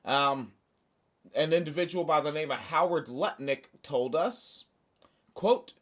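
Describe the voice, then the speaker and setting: A man's voice: a little high, unhurried. A man hosting a podcast, reading news aloud and breaking off into sarcastic, profane asides. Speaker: podcast host.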